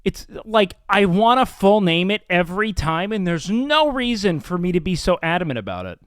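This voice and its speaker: A man's voice: high-pitched, big pitch swings, normal speed, a bit bright, clear, resonant tone, no room sound, studio quality. A man hosting a livestream, chatting casually and reading chat in a blunt, profane, self-mocking way. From Mexican and Salvadoran heritage. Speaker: livestream host.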